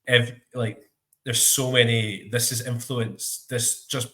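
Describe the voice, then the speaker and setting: A man's voice: medium pitch, level tone, slow pace, sharp tone. A Scottish man co-hosting a podcast in casual chat, rambling with stumbling restarts and frequent laughs. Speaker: podcast co-host.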